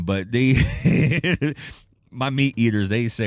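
A man's voice: on the low side, a little slow, no room sound. A man hosting a casual solo podcast, rambling and swearing, laughing often and restarting his sentences. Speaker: podcast host.

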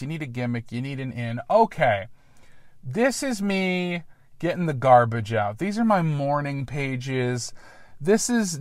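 A man's voice: fairly high pitch, dry recording. A man hosting a solo podcast, rambling and self-deprecating with casual swearing, recording outdoors in a park. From Columbus, Ohio. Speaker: podcast host.

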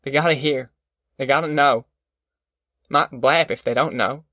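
A man's voice: medium pitch, unhurried, bright, forceful tone, no echo, studio quality. A man voicing a beaten, weary young farmhand son who speaks tersely in rural folksy speech.

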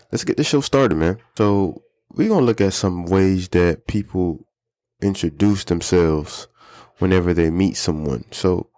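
Guy with a real low voice, laid back podcast teacher talk, repeats stuff for learners. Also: no echo, studio quality. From United States. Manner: relaxed, repeats phrases for learners. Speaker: podcast host teaching English. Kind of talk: casual teaching chat.

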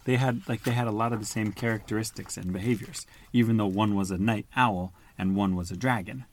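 A man's voice: on the low side, steady tone, a little fast, slight background noise. A man reading a picture book aloud to a child, patiently stopping to explain words and ask questions. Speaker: storybook reader.

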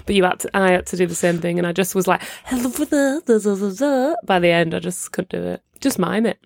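A woman in her thirties co-hosting a casual chat, quick to react and quoting people she met. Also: on the low side, little pitch movement, creaky. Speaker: podcast co-host.

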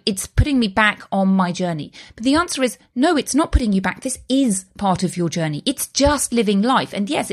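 Woman in her thirties, host of a motivational talk, earnest and reassuring, conversational delivery. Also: medium pitch.

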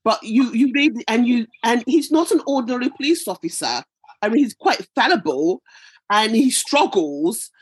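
Woman panelist, keen and casual, slightly husky. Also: a little high, expressive, normal speed. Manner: enthusiastic, casual, uses fillers like "kinda, like". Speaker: book club panelist. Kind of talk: casual chat.

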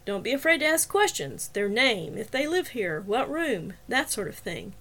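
A woman's voice: on the high side, very animated, normal speed, bright, forceful tone, heavily acted. Woman reading a self-assured male security officer. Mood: firm.

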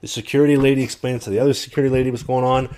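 A man telling a long story in casual conversation, animated, and acting out what other people said. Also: medium pitch, very fast. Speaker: guest telling a travel story.

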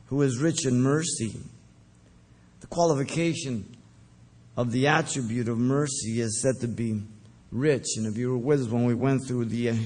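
Male pastor, mid-pitch, emphatic expository preaching, teaching pace with ums. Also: a little mellow. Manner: emphatic, deliberate, with fillers. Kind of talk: verse-by-verse Bible teaching.

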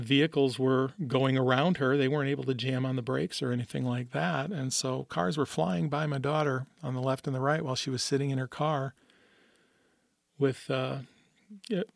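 A middle-aged man from the American Midwest talks through a personal story on his podcast, earnest and openly emotional. His voice has a gravelly edge. The sound is dry and close, with no room around it. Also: medium pitch, no echo. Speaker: podcast host. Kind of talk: personal monologue.

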